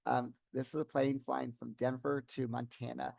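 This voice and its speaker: A man's voice: mid-range voice, flat delivery, moderate pace, creaky, a little mellow, no room sound. A middle-aged man giving a public talk on leadership, repeating his main points and telling stories that act out what people said. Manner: storytelling, repeats key points, acts out quotes.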